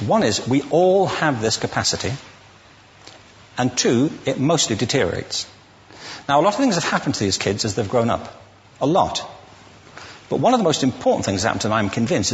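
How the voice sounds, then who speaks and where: A man's voice: mid-range voice, very animated, a little fast, big-room sound, a little hiss or hum. A man giving a witty, conversational lecture to a live audience, asking the listeners questions as he goes. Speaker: public speaker.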